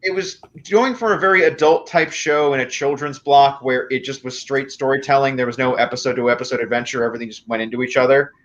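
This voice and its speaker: A man's voice: mid-range voice, fast, hardly any pauses, a bit bright, muffled recording. A man chatting casually as a guest, rambling through long analytical points. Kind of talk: casual chat.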